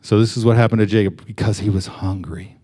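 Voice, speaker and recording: A man's voice: fairly low pitch, steady tone, fast talker, warm tone, husky. A young adult man giving a sermon in a loose, conversational way, full of fillers and restarts. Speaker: pastor.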